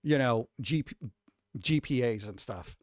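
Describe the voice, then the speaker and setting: A man's voice: mid-range voice, lively intonation, unhurried, no echo, clean studio sound. A man who grew up on the East Coast, ranting casually on a livestream, reading posts aloud and cutting in with blunt, profane, sarcastic asides. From East Coast of the United States. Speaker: streamer reading chat and posts.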